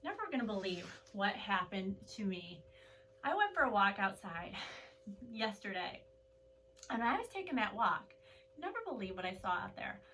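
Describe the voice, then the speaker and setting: A young woman teaching a kids' yoga class, playful and animated, telling stories between poses. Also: medium pitch, moderate pace, slight background noise. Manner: animated, playful, drops to soft calm voice for mantras. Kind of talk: children's yoga class with storytelling. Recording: voice from a distance off the mic.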